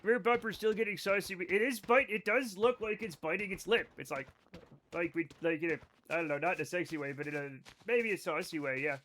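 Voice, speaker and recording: A man's voice: high-pitched, a little fast, fairly bright tone, a little hiss or hum. A man streaming live, chatting casually with viewers in a rambling, joking, self-mocking way. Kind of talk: casual gameplay chat with viewers.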